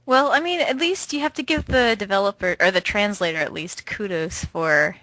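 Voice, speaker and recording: A woman chatting casually, quick to laugh and chime in. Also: medium pitch, fairly bright tone, no room sound, low-quality recording. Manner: laughs often, quick interjections. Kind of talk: casual chat.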